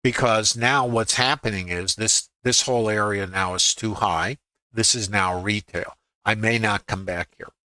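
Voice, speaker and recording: This middle-aged trading educator speaks unhurriedly in a fairly low, bright, forceful voice with fairly even intonation. On a live stream he goes through his trades on screen, thinking aloud and quoting his inner voice, with no echo in the audio.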